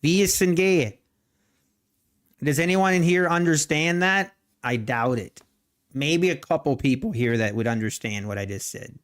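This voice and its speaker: A man's voice: mid-range voice, expressive, moderate pace, a bit bright. Joking Pennsylvania Dutch accented man. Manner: joking, bantering with viewers. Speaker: day trading livestream host. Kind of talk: casual live-stream chat.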